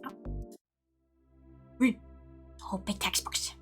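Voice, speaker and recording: A woman streamer giving casual, playful commentary on a game. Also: faint music behind. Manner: playful, quick reactions with laughter.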